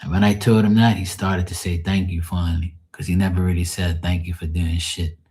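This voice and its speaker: Middle-aged guy on a tarot livestream, really low voice, cussing through blunt stories, says hi to viewers by name. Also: flat delivery, brisk, darkish tone. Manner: blunt, swearing storyteller. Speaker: live tarot stream host. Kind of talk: casual livestream chat.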